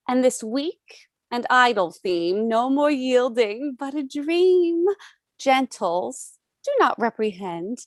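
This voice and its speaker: A woman plays a mischievous fairy sprite with a high, bright voice. She reads the verse slowly and deliberately, lifting certain words with a lively rise. The sound is dry and close. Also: no echo. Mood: gentle. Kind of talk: amateur online play reading.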